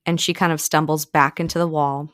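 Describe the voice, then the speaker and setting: A woman's voice: sits low, brisk, no room sound, studio quality. A woman co-hosting a podcast, chattily retelling a novel's plot with lots of fillers. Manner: chatty, animated, many fillers. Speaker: podcast co-host. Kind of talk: casual book recap.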